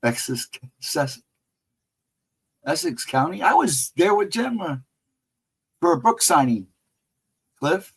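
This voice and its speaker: A man's voice: high-pitched, wildly swooping pitch, slow, gravelly, long pauses, breathy edge, rough recording. A man hosting a casual livestream chat, telling loose, rambling anecdotes and chuckling often as he talks to viewers. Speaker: livestream host chatting with viewers.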